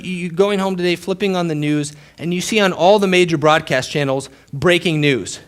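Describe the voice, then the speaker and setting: A male pastor preaching a sermon with dramatic storytelling, dropping to a hush and then rising loud for emphasis. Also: a little high, moderate pace. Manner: dramatic storytelling, swings between hushed and loud.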